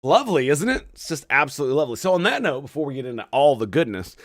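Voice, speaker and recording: A man's voice: medium pitch, very animated, racing, no room sound, studio quality. A man hosting a casual livestream, theatrical, profane and boisterous as he chats with his viewers. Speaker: streamer host.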